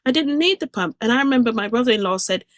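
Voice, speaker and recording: A woman's voice: a little high, animated, fast, dry recording. A woman giving an earnest, emotional personal testimony about a near-death experience, recounting it vividly and restarting her sentences as feelings rise. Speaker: guest speaker sharing a near-death experience.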